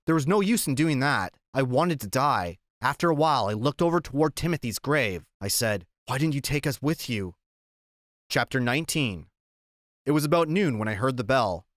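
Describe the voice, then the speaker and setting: Male narrator for a novel audiobook; animated delivery, dry studio sound. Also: mid-range voice, no echo. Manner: expressive reading, acting out shouted lines.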